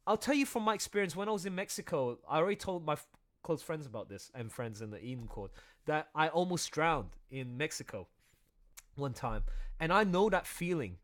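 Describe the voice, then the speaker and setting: An excitable man chats casually on a livestream about the audio drama he directs. His voice sits high and leaps up and down all the time, and he keeps slipping into playful voices to act out lines. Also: a little fast.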